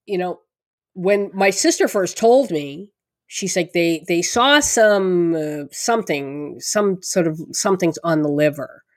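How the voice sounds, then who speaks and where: A middle-aged woman with a fairly low voice, chatting casually as a podcast co-host. She talks in halting stops and restarts and laughs now and then. The sound is close and dry. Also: animated, no echo. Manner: halting, many restarts, laughs through hard moments. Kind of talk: casual conversation.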